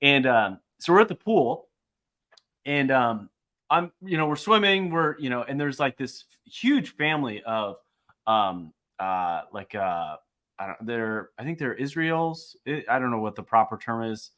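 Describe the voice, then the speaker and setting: A man co-hosting a podcast, telling a travel story in casual chat, excitable and swearing freely, his voice jumping up when riled. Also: mid-range voice, measured pace. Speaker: podcast co-host.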